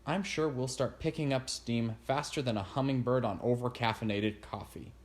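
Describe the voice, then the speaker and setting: A man's voice: medium pitch, moderate pace, lightly acted. A man voicing an upbeat, optimistic young princess who works as a detective, reading a storybook. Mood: cheerful. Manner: eager, optimistic.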